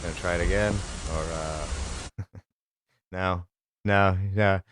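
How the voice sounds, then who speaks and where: Man, casual crude commentary, crisp clear voice, dry close mic. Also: sits low, fairly even intonation, slow pace, long pauses, fairly bright tone, dry recording. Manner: rambling, crude, laid-back. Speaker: comedic video commentator. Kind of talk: casual profane comedy commentary.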